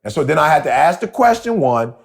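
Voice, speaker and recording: A man's voice: fairly high pitch, big pitch swings, quick pace, gravelly, breathy edge. A man co-hosting a podcast, telling a story in casual talk and repeating himself as he goes. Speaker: podcast co-host.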